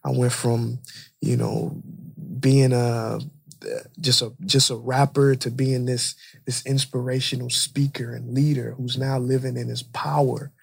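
Gravelly-voiced man telling a story. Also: medium pitch, unhurried. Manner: animated, repeats phrases for emphasis. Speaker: podcast guest, inspirational speaker. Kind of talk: storytelling in conversation.

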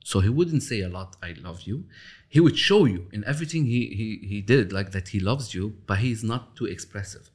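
A man with a fairly low voice talks through his ideas in an interview. He speaks thoughtfully, with frequent pauses, restarts and slowed-down emphasis. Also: lively intonation, husky. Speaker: interview guest, author of a love system. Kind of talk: reflective storytelling interview.

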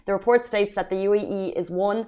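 A woman from Ireland co-hosts a casual talk show, chatting in a self-deprecating way and often laughing. She also reads news items in a brisk, upbeat manner. Her voice sits at a middle pitch. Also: steady tone, dark tone. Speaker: show host. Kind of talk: casual chat and news reading.

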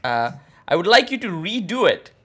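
Man with a lively, somewhat high voice, co-host trading deadpan jokes. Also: moderate pace. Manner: deadpan joke-teller, teasing. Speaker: podcast co-host. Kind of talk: casual comedic chat.

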